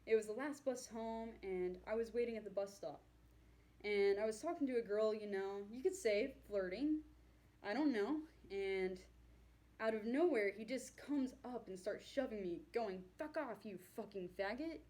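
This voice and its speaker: A woman's voice: medium pitch, normal speed, a little mellow. A woman performing a stand-up comedy set on stage, with a dry, self-deprecating delivery. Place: on stage before an audience.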